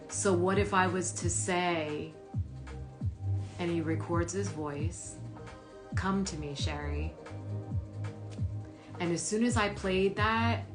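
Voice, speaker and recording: A woman with a fairly low voice tells a personal story, blunt and profane, breaking into laughter as she goes. Music plays clearly under her voice. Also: steady tone, slow pace, pauses often. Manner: candid, profane, laughs while telling.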